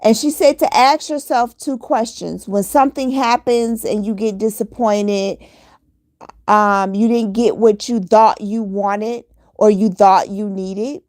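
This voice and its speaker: A woman's voice: mid-range voice, steady tone, unhurried, darkish tone, no echo, clean studio sound. A woman giving an earnest motivational monologue, repeating her key points in a preachy, exhorting way. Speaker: motivational vlogger.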